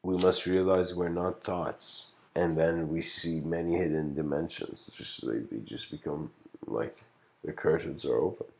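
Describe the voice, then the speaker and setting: Deep-voiced man giving a rambling lecture. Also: fairly even intonation, measured pace, vocal fry. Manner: rambling, full of "you know" fillers; reflective, philosophical musing. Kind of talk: casual livestreamed lecture.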